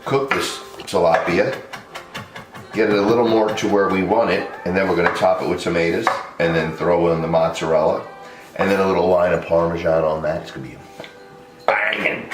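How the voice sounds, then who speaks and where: A man's voice: low-pitched, steady tone, brisk, echoey room, music in the background. A man hosting a home cooking vlog, talking loosely and chatty to the camera and laughing often as he walks through the prep. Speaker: home cook vlog host. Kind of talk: casual cooking demonstration. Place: home kitchen.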